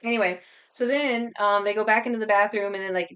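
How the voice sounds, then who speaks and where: A woman livestreamer telling a rambling, animated story to her chat, talking so fast she has to stop and catch her breath. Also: medium pitch. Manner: rambling, animated anecdote with many restarts.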